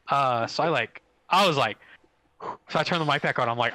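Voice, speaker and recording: A man co-hosting a gaming podcast in casual chat, excitable and rambling with lots of filler words. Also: medium pitch, brisk, no room sound, low-quality recording. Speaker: podcast co-host.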